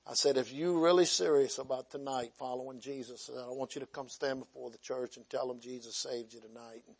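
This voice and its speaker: A man preaching, telling revival stories in a folksy way, rising loud then dropping to a hush. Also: mid-range voice, fairly even intonation, fairly quick, creaky, slightly rough. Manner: folksy, swings from loud preaching to hushed quiet. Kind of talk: sermon testimony storytelling.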